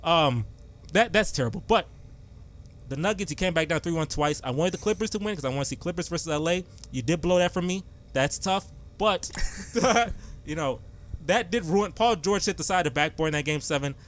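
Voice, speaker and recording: A young man hosting a podcast, telling sports stories in an excitable, animated way. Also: on the high side, brisk. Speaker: podcast host. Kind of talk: casual sports chat.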